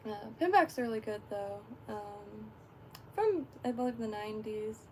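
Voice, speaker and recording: A woman's voice: mid-range voice, lively intonation, unhurried, a little mellow, slight background noise. A woman from Florida chatting on a livestream, rambling with lots of fillers and frequent laughs. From Florida, USA. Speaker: fishing livestreamer. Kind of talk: casual livestream chat.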